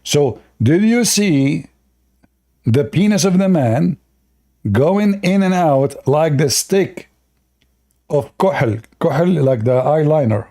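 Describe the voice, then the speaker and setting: A man's voice: a little high, animated, takes it slowly, mellow. A male host, giving mocking, sarcastic debate commentary with lots of repetition. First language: Arabic.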